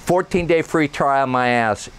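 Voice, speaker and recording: A man's voice: mid-range voice, fairly bright tone, slight background noise, pitched above the performer's own voice, close to an everyday voice. A man voicing a brash, pushy male voiceover celebrity who rants indignantly. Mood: impatient. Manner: ranting, indignant, fast-talking.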